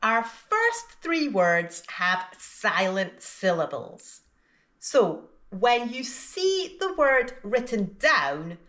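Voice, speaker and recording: A woman teaching English pronunciation, speaking slowly and deliberately and enunciating each word carefully so learners can repeat it. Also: mid-range voice, a bit bright. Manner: clear, careful enunciation of single words. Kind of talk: slow, deliberate teaching with pauses for repetition.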